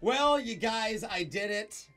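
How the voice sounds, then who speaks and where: A man, a comedian on a radio show, telling a story in a jokey, animated way. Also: high-pitched, slow, a loud crowd. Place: radio studio.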